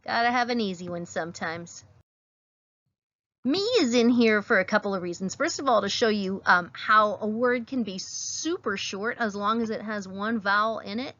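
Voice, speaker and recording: A woman's voice: medium pitch, animated, normal speed, a bit bright, highs cut off. A woman teacher giving a patient phonics lesson, sounding out each letter as she writes words.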